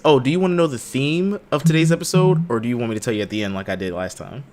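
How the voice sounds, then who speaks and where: A man's voice: mid-range voice, quick pace, hardly any pauses, darkish tone. An American man co-hosting a casual live stream, playful and teasing, breaking into goofy voices. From United States. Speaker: podcast co-host.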